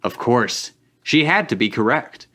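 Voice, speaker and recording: A man's voice: medium pitch, animated, measured pace, sharp tone. A man reading fan fiction aloud for laughs on a live stream, often breaking into chuckles.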